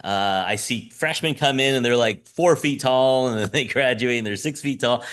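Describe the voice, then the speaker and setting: A man's voice: mid-range voice, moderate pace, fairly bright tone. A man who teaches school, preaching a conversational sermon with frequent chuckles and "right?" asides.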